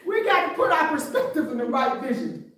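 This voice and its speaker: Woman preacher, high voice, lots of why-don't-you questions, big echo, sounds far from the mic. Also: very animated, brisk. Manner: conversational preaching with rhetorical questions. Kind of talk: sermon. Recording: very echoey room, voice from afar.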